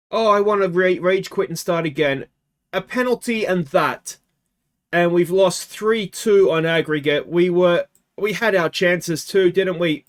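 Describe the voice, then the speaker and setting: An Australian man hosting a let's play, talking casually through a game and swinging from quiet muttering to anguished shouts. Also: sits high, moderate pace.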